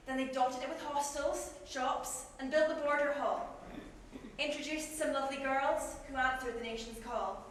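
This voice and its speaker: A woman's voice: high voice, fairly even intonation, moderate pace, slight background noise. A woman narrating a rhyming verse on a live stage. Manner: recites in rhyme. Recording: echoey hall recording from far off.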